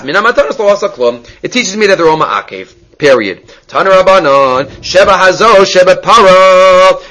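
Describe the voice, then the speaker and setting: A man giving a Talmud class, explaining quickly and with energy, mixing in Hebrew and Aramaic terms. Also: high-pitched, a bit bright, rough recording. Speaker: Talmud teacher.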